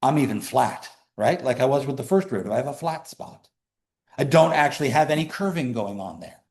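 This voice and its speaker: A man in his fifties giving a classroom calculus lecture, lively and conversational with playful asides to students. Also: medium pitch, a little fast. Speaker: math lecturer.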